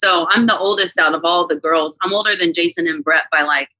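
A woman in her forties chatting candidly as a podcast guest, laughing often and sounding relaxed. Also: lowish voice, brisk, no echo, rough recording. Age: 40s. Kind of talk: casual interview chat.

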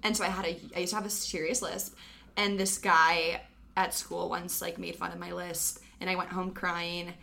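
A woman's voice: lowish voice, level tone, normal speed, gravelly, sharp tone. Young woman hosting a podcast. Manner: earnest, reflective storytelling. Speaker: podcast host. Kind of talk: casual podcast interview.

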